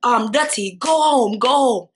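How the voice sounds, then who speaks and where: A woman voicing her mild-mannered father, calm and pleading. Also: a little high, a little slow, lightly acted.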